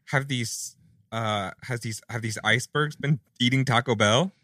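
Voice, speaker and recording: A man on a comedy writing panel who riffs and pitches joke ideas in casual chat. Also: normal speed, pushed and bright, no echo, clean studio sound.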